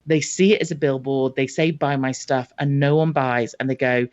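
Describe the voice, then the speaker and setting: A woman's voice: very deep voice, fairly quick. A woman, a marketing expert guest, talking casually and acting out example conversations as she explains. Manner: lively storytelling, acts out conversations. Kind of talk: casual interview talk. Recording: dull lo-fi audio.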